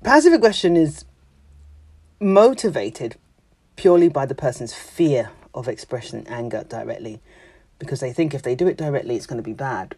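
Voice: mid-range voice, animated, normal speed, a little mellow, husky, dry recording. A therapist speaking in a podcast monologue, explaining things directly and with emphasis, now and then laughing.

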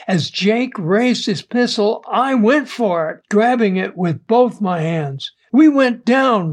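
Slow, high-voiced male storyteller. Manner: slow, measured first-person storytelling. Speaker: narrator. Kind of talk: audiobook story reading.

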